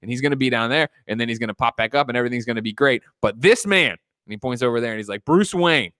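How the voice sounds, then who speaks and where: Guy riffing fast on a movie plot, cursing a lot, dead dry sound. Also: mid-range voice, pushed and bright, clear, resonant tone, no echo. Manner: fast, swearing, jokey recap with silly voices. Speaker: podcast host recapping a film. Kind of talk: casual podcast chat.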